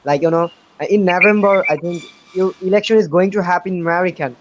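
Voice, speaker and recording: A man from Asia, a guest on a livestream, speaking hesitantly with halting phrases and many fillers. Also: high voice, background noise. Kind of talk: casual chat.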